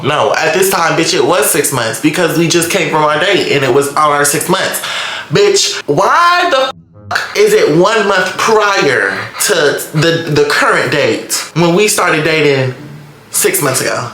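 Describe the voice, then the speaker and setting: A young man telling a story in a vlog, animated and dramatic, with lots of cursing. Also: fairly high pitch. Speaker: vlogger. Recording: echoey room.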